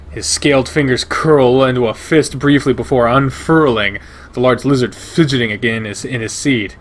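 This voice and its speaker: A man reading a visual novel aloud in first person, steady and measured. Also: medium pitch. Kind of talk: first-person narration of a game.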